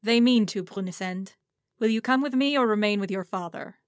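A woman's voice: medium pitch, normal speed, no echo, clean studio sound, natural voice. A woman voicing a stern male nobleman who gives urgent orders in a raised voice.

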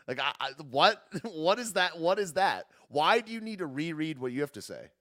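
A man's voice: a little high, big pitch swings, normal speed, a bit bright. A man hosting a livestream, chatting casually, reading chat aloud and joking sarcastically. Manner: sarcastic, laughs often, reads chat aloud. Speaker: livestream host.

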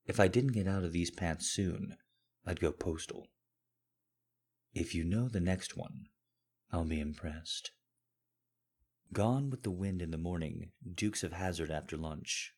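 Deep, husky male story narrator. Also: a little mellow. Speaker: audiobook narrator. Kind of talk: first-person fiction narration.

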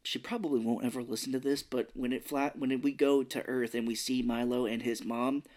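A man's voice: mid-range voice, fairly even intonation, fairly quick, darkish tone. Brief: male podcast co-host, rambling casual movie chat, slips into goofy voices. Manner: rambling, acts out quotes in silly voices.

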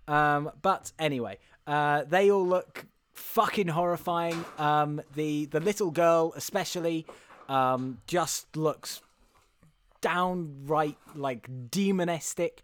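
A young man recaps a film in a loose, rambling way, full of ums and laughter. His voice sits a bit high. The recording is dry and close. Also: smooth, no room sound. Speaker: podcast co-host. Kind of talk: casual comedic film recap.

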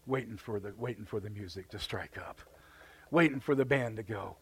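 A man's voice: fairly low pitch, a little fast, a little hiss or hum. A man preaching a live sermon in a church, fervent and repeating words as he builds his points. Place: church sanctuary.

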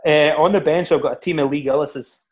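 A Scottish man, a former footballer, chatting casually and telling animated stories with laughs. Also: on the high side, fairly quick. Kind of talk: casual podcast chat.

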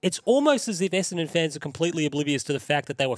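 A man's voice: fairly high pitch, animated, racing, dry recording, studio quality. A man co-hosting a casual podcast chat, telling stories and launching into a sweary, heated rant. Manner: profane, heated ranting with storytelling. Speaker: podcast co-host.

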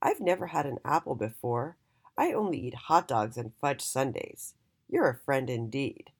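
A woman voicing Mister H, a gentle, always hungry male letter in a children's storybook. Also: extremely low pitch, animated, normal speed, slightly rough, full character voice. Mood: plaintive.

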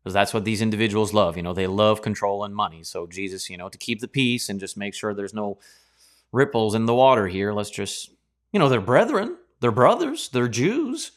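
A man preaching a Bible teaching sermon in a sarcastic, animated way, acting out reactions. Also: lowish voice, moderate pace.

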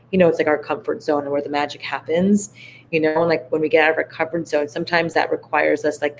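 Vocal-fry woman sharing reflectively. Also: low voice, a little hiss or hum. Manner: reflective, heartfelt, heavy use of "like". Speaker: podcast guest. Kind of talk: casual conversation.

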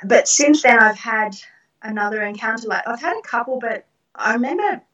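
A middle-aged woman recounts personal experiences in an interview, earnest and reflective, with soft laughs. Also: fairly high pitch, lively intonation, normal speed. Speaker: guest. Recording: roomy, distant from the mic.

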